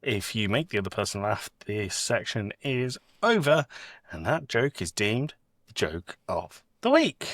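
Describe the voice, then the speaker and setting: A British man co-hosting a podcast, telling jokes in a casual, deadpan way and doing quick voices for the punchlines. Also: on the low side, dry recording, clean studio sound. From Britain. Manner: deadpan joke delivery with acted punchline voices. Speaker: podcast co-host. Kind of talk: casual comedic chat.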